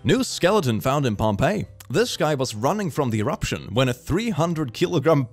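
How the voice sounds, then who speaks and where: A young man giving casual, animated commentary as he reacts to posts, laughing often. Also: normal speed, few pauses, slightly rough, soft background music. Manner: animated, laughing, swings in pitch. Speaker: host.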